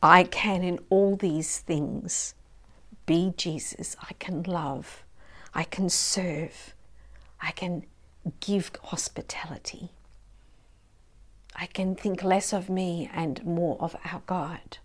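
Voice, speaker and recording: A woman leads a quiet time of prayer at a very slow, unhurried pace. Her voice is soft and heartfelt, and it often sinks into a hushed whisper on the tender words. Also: lowish voice, fairly even intonation. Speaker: ministry co-host leading prayer. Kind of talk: slow reflective prayer talk.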